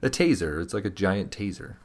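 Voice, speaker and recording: A man's voice: sits low, animated, fairly quick. A man co-hosting a casual podcast about comics, rambling with many fillers and restarts. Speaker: podcast co-host. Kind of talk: casual comic book review chat.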